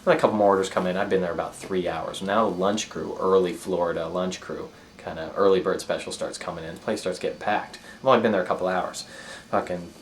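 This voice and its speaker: A man's voice: sits low, fairly even intonation, fast talker, a little hiss or hum. A man telling a rambling, profane story about himself, laughing at his own mishaps. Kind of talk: casual personal storytelling.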